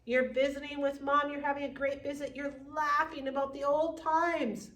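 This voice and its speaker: A woman teaching a class on dementia care, lively, acting out family members and residents. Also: high-pitched, moderate pace. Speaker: dementia educator. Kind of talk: classroom lecture. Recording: echoey room from far off.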